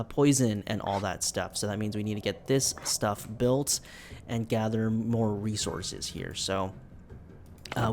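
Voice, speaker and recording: A man with a sick, hoarse voice casually commenting while playing a video game, thinking aloud in an easygoing way. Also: lowish voice, a little mellow, slight background noise. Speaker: let's play host.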